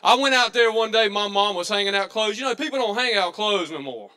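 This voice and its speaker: A man's voice: high-pitched, brisk, bright, forceful tone, clear, resonant tone. A man doing stand-up, telling folksy stories on stage and acting out the people in them. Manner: folksy drawl, acts out characters in his jokes. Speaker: stand-up comedian. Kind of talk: stand-up storytelling. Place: stage before a live audience.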